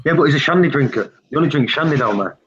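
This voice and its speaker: A man's voice: fairly high pitch, expressive, racing, fairly bright tone, slightly rough, lo-fi sound. A man from the north of England chatting casually on a stream, bantering and teasing the others. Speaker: live stream chat participant. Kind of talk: casual chat.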